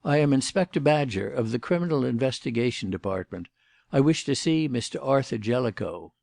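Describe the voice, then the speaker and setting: A man doing a gruff, impatient police inspector. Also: medium pitch, animated, fairly quick, a little mellow, no echo, clean studio sound.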